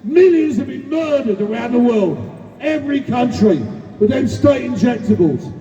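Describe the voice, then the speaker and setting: A man shouting a ranting protest speech, heard distant and echoey through a dull lo-fi recording. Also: very high-pitched, animated, normal speed, crowd noise. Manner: ranting, shouting, emphatic repetition. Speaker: protest speaker. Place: outdoor street protest.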